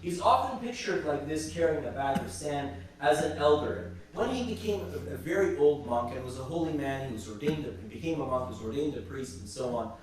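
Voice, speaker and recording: A man's voice: a little high, lively intonation, recorded from a distance, crowd noise. Man telling stories in an echoey church. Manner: halting, repeats words while retelling stories. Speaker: church teacher. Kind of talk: storytelling religious class talk.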